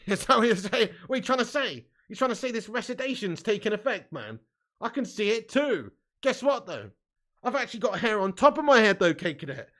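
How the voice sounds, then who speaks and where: A man's voice: high-pitched, big pitch swings, a little fast, fairly bright tone. A young adult man streaming a football video game, trading sweary, mock-aggressive banter with his live chat.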